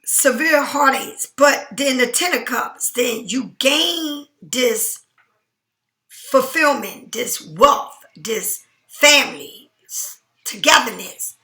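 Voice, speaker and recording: A woman's voice: high voice, slow, pushed and bright, roomy sound. A woman giving a casual tarot reading, emphatic and chatty, often checking in with "right?". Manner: chatty, emphatic, keeps asking "right?" and "all right?". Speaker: tarot card reader.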